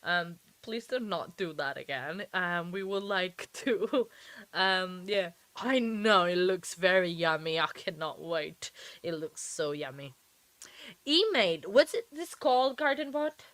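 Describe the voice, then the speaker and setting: A woman's voice: fairly low pitch, expressive, slow, a bit bright, dry recording. A woman hosting a live stream in a casual, chatty way, often laughing and talking straight to her viewers. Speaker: livestream host.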